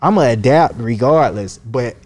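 A man's voice: mid-range voice, lively intonation, normal speed, darkish tone. A man from Georgia with a Southern accent, a guest casually telling stories in a slangy, laid-back way. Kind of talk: casual conversational storytelling.

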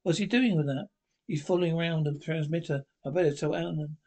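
A man's voice: fairly high pitch, brisk, a little mellow. A man retelling a drama aloud in terse lines, reading out the sound cues between the dialogue. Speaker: narrator.

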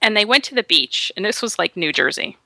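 A woman in lively storytelling mode, her pitch jumping around as she acts out the people in her tale. Her voice is bright and clear, recorded dry and close. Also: fairly quick, dry recording. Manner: animated, quotes people in voices. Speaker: guest storyteller. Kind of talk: casual storytelling chat.

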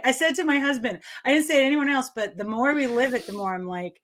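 A middle-aged woman, appearing as an author guest in a conversational interview, tells her story in an excitable, rambling way and laughs often. Her voice sits a little high, and she talks fast with hardly any pauses.

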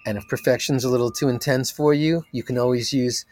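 A man leading a guided meditation as its teacher, talking softly and drawing out each phrase. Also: medium pitch, dry recording. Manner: slow, soft-spoken, drawn-out phrasing.

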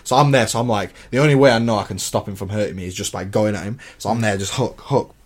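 A man's voice: lowish voice, fast talker. A young man, co-hosting a podcast and telling rambling, slangy stories full of restarts. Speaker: podcast co-host. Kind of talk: casual chat.

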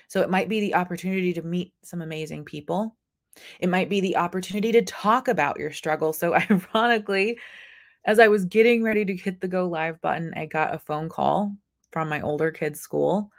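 A woman in her thirties hosting a motivational live stream, talking earnestly and acting out her own inner voices. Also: lowish voice. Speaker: host. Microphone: camera mic.

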